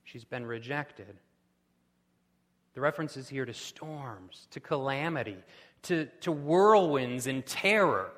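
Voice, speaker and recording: A man's voice: medium pitch, lively intonation, slow. Man preaching in a ringing hall. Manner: impassioned preaching, rising to loud pleading cries. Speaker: pastor. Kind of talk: sermon.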